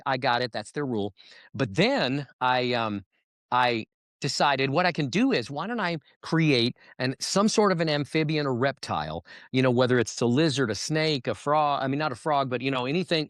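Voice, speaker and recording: A man spins stories in an easy, animated way, now and then dropping into playful character voices. His voice sits at an ordinary middle pitch. The sound is dry and close, with no room around it. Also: dry recording. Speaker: guest entertainer. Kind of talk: casual interview chat.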